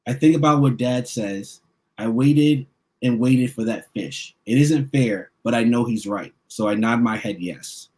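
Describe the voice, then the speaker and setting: A man's voice: medium pitch, measured pace, darkish tone. A children's book author reading his picture book aloud, narrating expressively in the first person.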